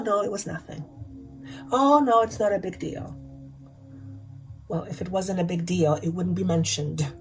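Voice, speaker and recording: A woman's voice: fairly low pitch, darkish tone, low-quality recording. Woman, spiritual healer voice, talks over faint music, repeats questions for emphasis. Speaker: channeler and energy healer. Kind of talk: spiritual guidance talk.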